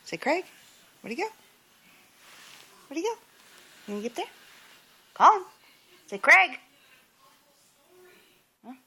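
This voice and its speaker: A woman's voice: sits high, very animated, slow pace, long pauses, sharp tone, rough recording. A woman at home talking to her pet cockatoo, teasing and laughing, slipping into cooing baby talk.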